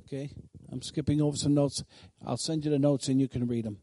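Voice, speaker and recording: A man preaching a sermon who swings between bold, emphatic declarations and quiet, chatty asides to his listeners. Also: medium pitch, fairly even intonation, brisk, dry recording.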